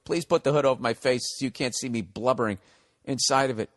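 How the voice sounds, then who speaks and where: A man's voice: mid-range voice, fairly quick. A man hosting his own podcast, talking in a casual, rambling monologue that is blunt, joking and full of swearing. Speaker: podcast host.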